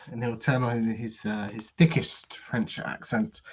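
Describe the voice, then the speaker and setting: A man's voice: lowish voice, fairly even intonation, a little slow, few pauses, dull audio. A man playing a tabletop game, describing his character's actions in a hesitant way. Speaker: player.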